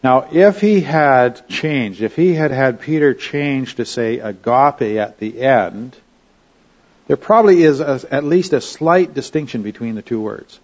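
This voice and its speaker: Man, Bible study teacher, conversational, mid-range voice, a bit lo-fi. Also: mid-range voice. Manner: conversational, often checks in with the class.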